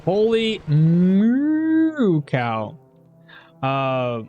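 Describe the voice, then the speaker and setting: A man's voice: high voice, huge pitch swings, very slow, soft background music. A man streaming a game live, rambling and chuckling as he comments, swearing casually.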